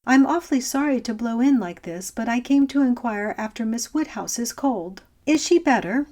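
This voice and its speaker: A woman voicing a breezy, slangy modern young woman who talks in a quick, offhand way. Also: a little high, lively intonation, darkish tone, lightly acted.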